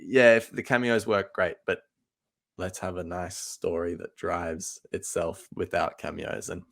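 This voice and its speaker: A man's voice: sits low, fairly even intonation, a little slow, creaky. A man co-hosting a fan podcast in casual chat, wry and teasing. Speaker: podcast co-host.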